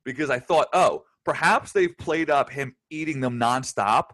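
Co-hosting a casual podcast that reviews a TV episode, a man chats in an easygoing, enthusiastic way and laughs often. His mid-range voice is a bit bright, and he keeps a measured pace.

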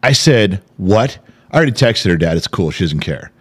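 A middle-aged man co-hosting a casual podcast chat, animated and profane, acting out quoted arguments. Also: low voice, quick pace, husky. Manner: animated, swears, acts out quotes in raised voice. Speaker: podcast co-host.

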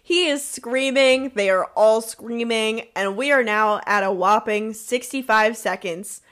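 A woman's voice: on the high side, measured pace, fairly bright tone. A woman co-hosting a casual rewatch podcast, recapping scenes, laughing often and acting out characters' lines. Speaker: podcast co-host.

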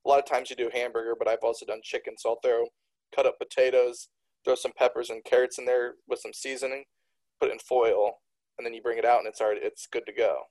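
Co-host: relaxed man, mid-pitched, asks questions, casual. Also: quick pace, rough recording. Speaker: podcast co-host. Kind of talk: casual chat.

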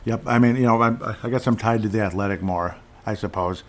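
A man's voice: on the low side, fairly quick. A man hosting a casual solo podcast, rambling through asides and fillers with fan enthusiasm. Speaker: podcast host.

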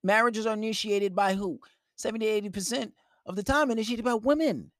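A man's voice: high voice, brisk, a bit bright, no echo, clean studio sound. Blunt, profane man giving advice. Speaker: relationship advice host.

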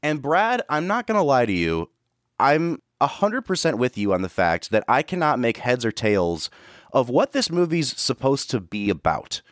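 An earnest man co-hosting a film podcast, his pitch lively as he thinks aloud. He restarts often, and the sound is dry and close. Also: normal speed, dry recording. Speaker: podcast co-host. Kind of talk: casual film review chat.

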